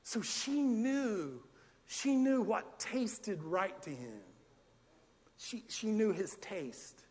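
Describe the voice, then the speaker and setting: High-voiced animated preacher. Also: male voice, very slow. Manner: animated, rhetorical questions, acts out scenes. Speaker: pastor. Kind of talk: verse-by-verse sermon. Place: church sanctuary. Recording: long church hall reverb.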